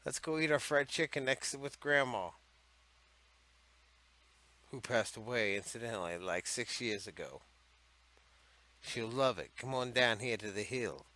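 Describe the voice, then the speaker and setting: A man's voice: medium pitch, lively intonation, measured pace, pauses often, bright, forceful tone. A man voicing a folksy fellow who cheerfully invites family to picnic at a grave, in a half-hearted put-on drawl.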